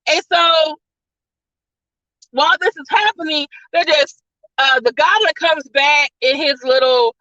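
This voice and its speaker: Woman, movie reviewer, casual rambling recap, high pitched, dry slightly dull lo-fi recording. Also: unhurried, pauses often, pushed and bright, no room sound. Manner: rambling, full of "like" and "all of a sudden". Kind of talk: casual spoiler-filled plot recap.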